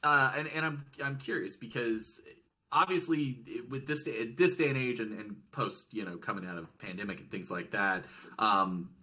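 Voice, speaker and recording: A man's voice: mid-range voice, normal speed, pushed and bright. A man co-hosting a podcast, talking in an easygoing way and putting questions to the others. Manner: easygoing, asks the panel questions. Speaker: podcast co-host. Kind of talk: casual podcast chat.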